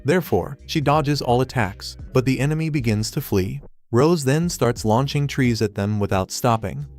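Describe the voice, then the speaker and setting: A man narrates an anime recap in an even, steady manner. His voice sits in a middle pitch. Faint music plays behind him. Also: moderate pace. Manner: even, steady retelling in third person.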